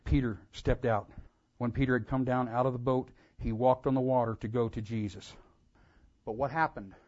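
A man delivers a sermon, swinging from quiet, earnest talk to loud emphatic swells. His voice sits at a middle pitch, and the recording sounds dull and lo-fi. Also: slightly rough. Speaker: pastor.

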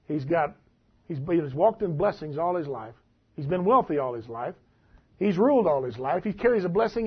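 A man preaching a sermon, reading scripture aloud and commenting on it in a folksy, animated way. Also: on the high side, slightly rough. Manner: folksy, animated, laughs at the text. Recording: dull lo-fi recording.

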